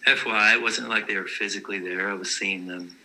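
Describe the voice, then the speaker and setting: A man's voice: fairly low pitch, steady tone, fast, pushed and bright, rough recording. A man telling personal vision stories in a casual, earnest, matter-of-fact way.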